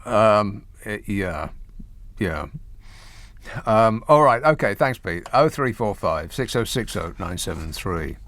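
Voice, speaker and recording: A man's voice: fairly low pitch, expressive, takes it slowly, fairly bright tone, dry recording. A man hosting a radio phone-in, delivering mocking political commentary. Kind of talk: talk radio monologue and phone-in. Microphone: studio microphone.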